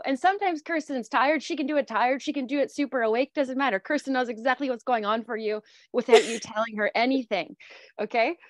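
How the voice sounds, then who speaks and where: A woman's voice: high-pitched, no echo. A woman photography mentor chatting casually, spinning a playful, imaginative story. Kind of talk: casual panel chat.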